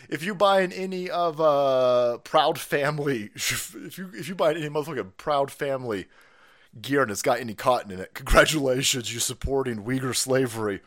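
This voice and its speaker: A man ranting on a livestream, foul-mouthed and mocking, swearing constantly. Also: mid-range voice. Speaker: streamer. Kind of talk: profane political rant on a livestream.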